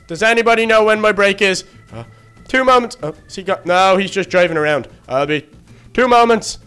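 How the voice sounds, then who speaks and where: A man's voice: high voice, brisk, fairly bright tone, clear, resonant tone, soft background music. A man voicing a childlike male baby duck in a Minecraft role-play, chattering to himself and easily flustered. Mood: busy chatter. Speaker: fast-food worker in a game role-play.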